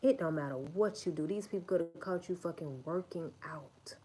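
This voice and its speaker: A woman's voice: lowish voice, normal speed, dark tone, breathy edge. A woman hosting a livestream, giving an emphatic, profane and repetitive motivational talk. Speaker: livestream host.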